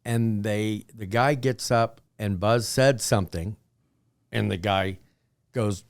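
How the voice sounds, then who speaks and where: A man from Texas, a podcast guest, telling a story in a rambling, halting way with many fillers. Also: fairly low pitch, no room sound. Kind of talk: casual storytelling.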